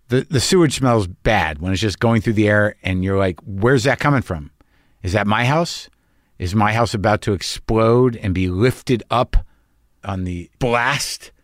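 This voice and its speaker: A man hosts his podcast alone in a loose, wry ramble, swearing freely with an anxious undercurrent. His voice sits at an ordinary middle pitch. The sound is dry and close, with no room echo. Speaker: podcast host. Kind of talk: rambling casual monologue. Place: lives on the West Coast.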